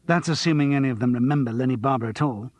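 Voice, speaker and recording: A prickly male comedy writer, voiced by a man narrating a novel, bristles and snaps at every slight. The husky voice is only slightly lifted from the reader's own, and the sound is dry. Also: mid-range voice, fast talker, darkish tone, no room sound, lightly acted. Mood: offended. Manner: snappish, offended.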